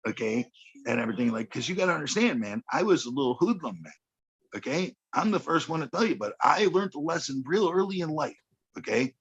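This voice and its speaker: A man's voice: mid-range voice, gravelly, a bit bright, slightly rough, muffled recording. A man, telling a street story on a podcast in a blunt, profane way, often checking in with "okay.". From Chicago. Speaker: podcast guest. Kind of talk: casual storytelling chat.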